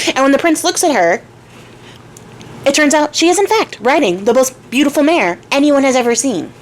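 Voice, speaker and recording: A woman's voice: high voice, lively intonation, normal speed, a little hiss or hum. Chatty woman retelling a folk tale. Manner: chatty, slangy, laughs often. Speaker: craft channel host.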